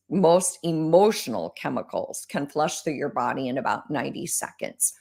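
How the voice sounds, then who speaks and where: Woman, host, instructional talk, low pitch, gravelly, animated delivery. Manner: coaching, animated, addresses listener directly.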